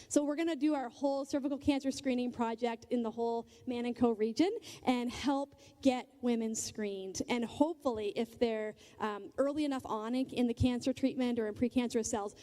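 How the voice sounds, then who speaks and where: High, mellow-voiced woman speaker. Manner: conversational and earnest, checks in with audience. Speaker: guest speaker, nonprofit leader. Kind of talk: church talk with stories.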